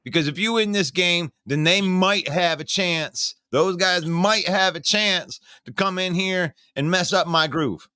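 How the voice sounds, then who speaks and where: Man, high pitch, bright tone, dry sound, slangy sports talk. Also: measured pace, hardly any pauses, clean tone, dry recording. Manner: laid-back, laughs often, slangy. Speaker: podcast host. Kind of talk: casual sports chat.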